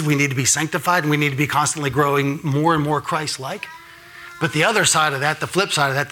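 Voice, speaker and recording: A man's voice: a little high, bright, forceful tone. A man giving a sermon as a guest preacher, earnest and direct, often checking in with the congregation and rising to emphatic peaks. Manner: addresses the congregation with frequent "all right?" and "right?". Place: church sanctuary.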